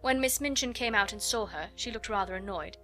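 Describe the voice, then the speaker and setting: Woman audiobook narrator, bright tone, expressive, soft music behind. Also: mid-range voice, brisk. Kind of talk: scripted narration.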